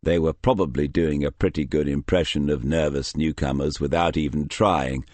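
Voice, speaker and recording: A man reading a crime novel aloud in measured, dry storytelling narration. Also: very deep voice, fairly even intonation, darkish tone, no echo. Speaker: audiobook narrator. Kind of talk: scripted narration.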